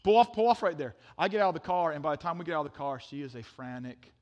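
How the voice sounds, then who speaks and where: Man, middle-aged, pastor, sermon, high-pitched, animated storytelling, humorous. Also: fast. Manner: animated storytelling, sudden drops to a hush.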